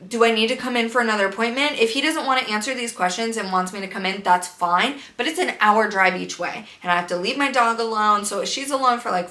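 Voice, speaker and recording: A woman's voice: mid-range voice, bright, forceful tone. A young woman vlogging at home in casual chat, frustrated and rambling, swearing freely. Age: young adult. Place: home room with a loud air conditioner. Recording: echoey room, faint hum.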